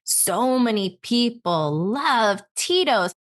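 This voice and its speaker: A woman podcast host asking a guest questions in a gushing, unhurried way. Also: a little high, lively intonation. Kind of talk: interview questions.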